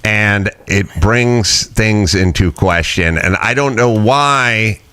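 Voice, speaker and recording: A man's voice: lowish voice, slow pace, sharp tone, clear, resonant tone. A middle-aged man hosting a casual talk show, ranting bluntly and profanely with mock quotes. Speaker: podcast host. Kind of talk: casual chat.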